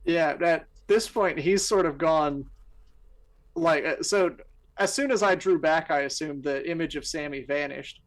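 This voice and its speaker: A man playing a character in a tabletop game, talking in a hesitant, halting way. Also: a little high, rough recording. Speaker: player.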